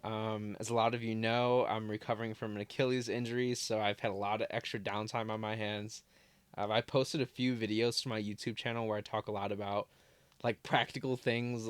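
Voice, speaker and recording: A man's voice: fairly low pitch, level tone, moderate pace, clean tone, no echo. A young man in his twenties telling a childhood story in a loose, casual vlog style from his parents' basement, full of "like" fillers. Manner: loose, filler-heavy, lots of "like". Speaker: vlogger.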